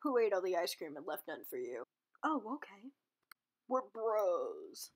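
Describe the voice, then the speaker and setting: A woman's voice: fairly low pitch, very animated, unhurried. A woman jokingly commenting on her own drawings, with goofy asides and put-on voices. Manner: jokey, often dropping into silly put-on voices and sung snippets. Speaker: artist showing her drawings. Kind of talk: playful comedic commentary.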